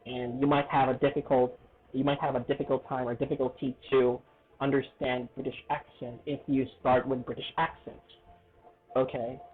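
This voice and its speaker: A man teaching an English lesson in a casual, earnest way, often checking in with "okay?" and "right?" and stressing words slowly. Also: mid-range voice, flat delivery, husky. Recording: tinny phone-like audio.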